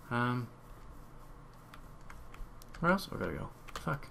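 A man's voice: medium pitch, animated, moderate pace, creaky, background noise. A young man giving casual commentary on his own gameplay, chatty and muttering repeated words to himself as he plays. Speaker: let's play gamer. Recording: home mic with loud keyboard typing. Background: keyboard typing.

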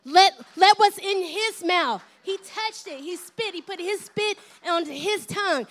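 High-voiced woman pastor preaching, playful and animated, sometimes whispers. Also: unhurried, few pauses. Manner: lively, playful, acts out voices; drops to a whisper at times. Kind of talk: sermon.

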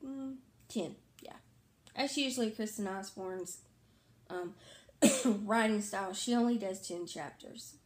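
In a relaxed book chat to camera, a weary woman vlogger rambles, fills gaps with filler and keeps correcting herself. Her mid-range, slightly mellow voice moves at a measured pace with long pauses.

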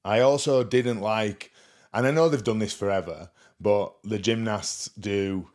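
A man's voice: on the low side, measured pace, a little mellow. A man co-hosting a podcast in casual chat, teasing and often trailing off mid-sentence. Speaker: podcast co-host.

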